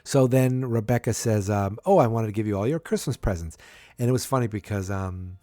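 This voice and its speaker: A man's voice: fairly low pitch, a little fast, warm tone, no room sound, clean studio sound. A man hosting a podcast, casually recapping a TV episode with a rambling manner full of restarts and fillers. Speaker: podcast host.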